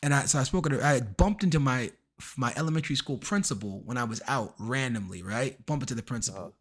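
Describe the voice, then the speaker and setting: A man streaming a game, chatting casually and acting out the people in his stories in an animated way. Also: mid-range voice, quick pace, husky. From Washington, DC area. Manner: animated, acts out quoted people. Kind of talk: casual storytelling while gaming.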